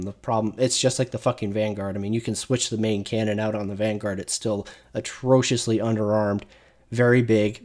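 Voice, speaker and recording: A man's voice: on the low side, darkish tone. A man giving casual gaming commentary as a streamer, ranting and swearing often. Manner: profane, ranting.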